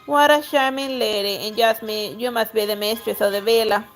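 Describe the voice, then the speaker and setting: A sly stranger, a female spy, fawning and mock-polite, read by a woman playing a story game. Her voice sits fairly high. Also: steady tone, moderate pace, faint music behind, lightly acted. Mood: flattering. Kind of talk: reading game dialogue aloud.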